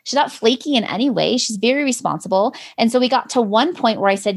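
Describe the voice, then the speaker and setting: Chatty mom hosting a podcast. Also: female voice, on the high side, lively intonation, fast, few pauses, breathy edge. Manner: chatty, confessional, laughs easily. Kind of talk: casual chat.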